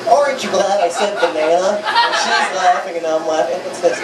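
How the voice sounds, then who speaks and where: A brash young party guy boasting with loud bravado, his voice pushed up higher than usual, as a stand-up comedian puts him on. It comes from far off in an echoey bar, with a loud crowd laughing around him. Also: moderate pace, close to an everyday voice. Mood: boastful.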